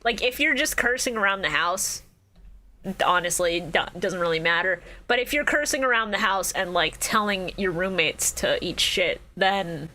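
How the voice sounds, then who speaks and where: A woman co-hosting a podcast in casual chat, joking quickly and laughing a lot. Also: mid-range voice, lively intonation, pushed and bright. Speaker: podcast co-host.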